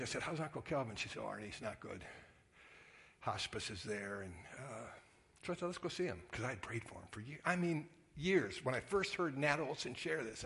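An older man preaching a sermon as a pastor, telling stories in a folksy, conversational way and dropping to a hushed whisper for quoted voices. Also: mid-range voice. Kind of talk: storytelling sermon.

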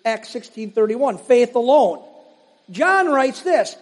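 A male pastor preaching a sermon with emphatic slow pauses and quick conversational asides. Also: high-pitched, expressive. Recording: long reverb of a large hall.

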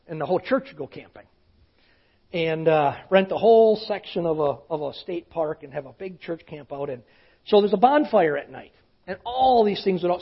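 A male pastor preaching in a conversational storytelling way, often dropping to a hushed voice. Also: high voice, slightly rough. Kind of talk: sermon storytelling. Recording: dull lo-fi sound.

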